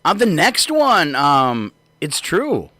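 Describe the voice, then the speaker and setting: A man's voice: on the high side, wildly swooping pitch, slow pace, bright, forceful tone. Chuckling, rambling radio man. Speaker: radio co-host. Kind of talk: casual morning radio banter.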